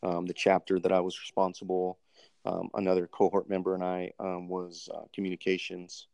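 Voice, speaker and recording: Man host for an interview: very low, gravelly, hesitant, polite. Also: completely flat delivery, brisk, a little mellow, no room sound. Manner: hesitant, many ums, polite and formal. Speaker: podcast host, army master sergeant. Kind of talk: casual interview hosting.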